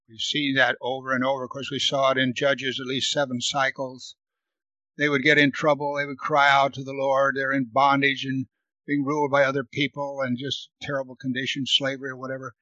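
A man's voice: no echo, highs cut off. A man teaching verse by verse through a Bible passage, reading the verses aloud with force and then commenting, repeating words for emphasis. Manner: reads scripture aloud louder and higher, then comments.

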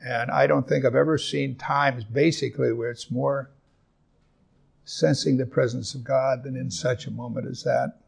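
A man pastor preaching a sermon, earnest, repeating and slowing down on scripture verses for emphasis. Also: mid-range voice, fairly even intonation, creaky, slightly rough.

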